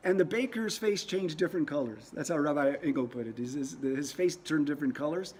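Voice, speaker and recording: A man's voice: on the high side, normal speed, few pauses, darkish tone, slight background noise. A man teaching a lesson in a casual, conversational way, often repeating words as he tells a story. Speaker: religious teacher.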